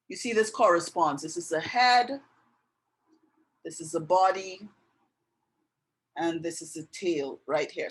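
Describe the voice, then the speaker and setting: Slow, low-voiced woman teaching drawing. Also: rough recording. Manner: gentle, narrates each step while drawing. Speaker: art tutor. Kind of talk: casual drawing tutorial. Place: indoors with passing road traffic.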